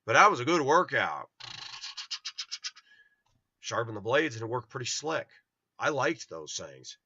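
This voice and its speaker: Telling his own stories bluntly and with plenty of rambling, this middle-aged vlogger from LA imitates the people he quotes. He speaks at medium pitch with big swings, a measured pace, and a pushed, bright, slightly rough tone, captured in a dull, dry lo-fi recording without room sound.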